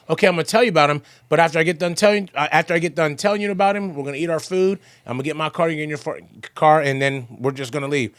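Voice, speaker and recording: A man speaking in a fairly high voice, recorded close and dry with no room sound. He tells his story in a lively, emphatic way, slipping into quoted voices and repeating lines for effect. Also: fast, no room sound. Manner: acts out both sides of conversations in quoted voices. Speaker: podcast guest, percussionist and motivational entertainer. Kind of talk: animated storytelling conversation.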